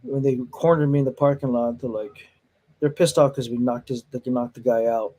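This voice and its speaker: Man with an animated storytelling voice. He acts out quotes, swears freely and laughs between lines. A martial arts instructor in relaxed conversation. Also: medium pitch, brisk. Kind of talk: casual chat, storytelling.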